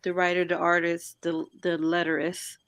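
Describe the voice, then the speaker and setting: A woman on a live book discussion panel, talking in an animated, blunt way and swearing freely. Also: lowish voice, normal speed, gravelly, no echo.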